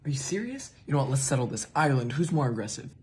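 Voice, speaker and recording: A man's voice: mid-range voice, big pitch swings, very fast, slightly rough. A man voicing a competitive personified country that scoffs at its rival. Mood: scoffing.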